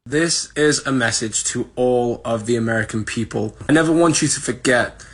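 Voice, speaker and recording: A man's voice: mid-range voice, moderate pace, husky. A British man delivering an earnest, speech-like video message.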